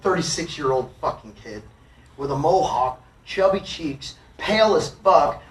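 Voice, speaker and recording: A middle-aged man tells a confessional story to a live audience, cursing freely and swinging between loud outbursts and hushed asides. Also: fairly high pitch, animated, a little slow. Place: live music venue. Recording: echoey live room, from far off.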